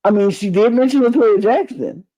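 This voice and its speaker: A man co-hosting a podcast rambles casually through a reality-TV recap, full of fillers and restarts. His voice is high-pitched and mellow at normal speed, in dull lo-fi audio.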